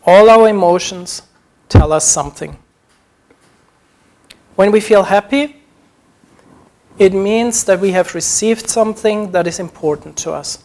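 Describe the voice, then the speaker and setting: A man's voice: high voice, a little slow, pauses often, a little mellow. A man preaching a sermon, earnest, acting out short quoted prayers as he teaches.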